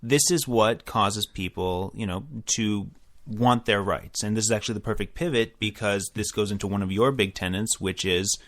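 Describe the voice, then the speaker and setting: Calm low-voiced male co-host. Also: normal speed. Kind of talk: casual political banter.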